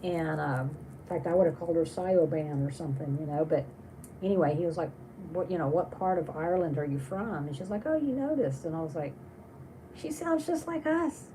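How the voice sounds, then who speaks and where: A woman's voice: low voice, fairly even intonation, brisk, mellow, a little hiss or hum, poor audio. A woman hosting a casual livestream, reading viewer comments aloud and chatting on in a rambling way with many restarts. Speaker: livestream host.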